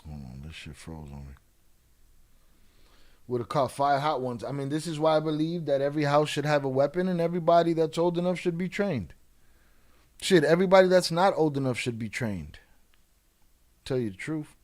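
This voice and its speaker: A man's voice: a little high, lively intonation, moderate pace, long pauses, darkish tone. A man hosting a live show, giving casual, profane commentary in street slang on crime videos. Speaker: host.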